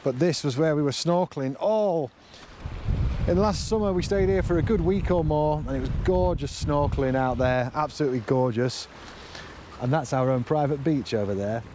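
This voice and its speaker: A man's voice: on the high side, normal speed. A middle-aged man vlogging casually to camera, earnest and a little emotional, rambling as he talks. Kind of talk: casual vlog talk to camera. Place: outdoors by the sea, then in a camper van. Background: faint wind and outdoor ambience.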